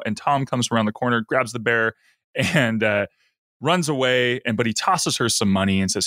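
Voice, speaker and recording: A man's voice: lowish voice, normal speed, fairly bright tone, no echo, studio quality. A man co-hosting a podcast, casually recapping an episode and acting out lines in a raised voice. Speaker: podcast co-host.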